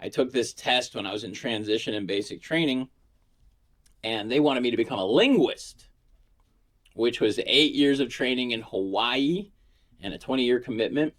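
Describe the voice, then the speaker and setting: A man's voice: mid-range voice, normal speed. A middle-aged man from Pittsburgh with no regional accent, rambling through a crude, self-mocking comedy monologue. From Pittsburgh, USA. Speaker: comedian vlogger.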